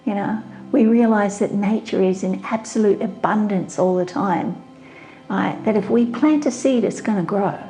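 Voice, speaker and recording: An older woman with a mellow, warm voice lectures bluntly on witchcraft. She talks straight and keeps asking "right?" to pull her students along. Faint music plays under her lesson. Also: medium pitch, low-quality recording. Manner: blunt and outspoken, with frequent "right?" check-ins. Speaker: witchcraft teacher. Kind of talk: spoken lesson to camera.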